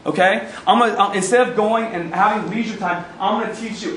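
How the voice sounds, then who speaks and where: A young man with a fairly high voice speaks to a university crowd with punchy, repetitive emphasis. He is picked up from a distance, so the hall's echo carries his words, and a faint hum of room noise sits underneath. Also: a little fast. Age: young adult. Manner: energetic, emphatic, repeats phrases. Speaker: guest speaker. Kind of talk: motivational talk. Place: university event hall. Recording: echoey room, recorded from far off.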